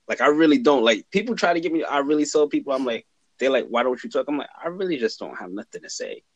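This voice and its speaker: A man's voice: medium pitch, animated, fast talker, no room sound, dull audio. A young man in casual chat on a podcast, talking bluntly and laid-back, swearing freely. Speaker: podcast co-host, cousin.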